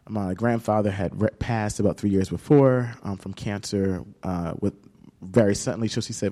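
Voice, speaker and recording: A man's voice: on the low side, brisk, creaky, mellow, in a large hall. A man in his thirties, an author and guest in an interview, telling a personal story candidly and emotionally, with casual slang.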